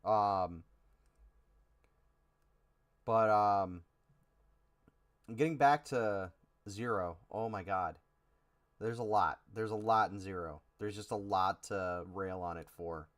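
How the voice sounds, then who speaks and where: A man's voice: on the low side, slow pace, pauses often, a bit bright. A man co-hosting a podcast, chatting casually with dramatic, exasperated asides. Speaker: podcast co-host. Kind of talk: casual chat.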